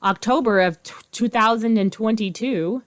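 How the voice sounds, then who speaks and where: A woman in her thirties co-hosting a podcast in casual chat, expressive and swearing freely, swinging between loud and quiet. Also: fairly high pitch, normal speed. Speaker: podcast co-host.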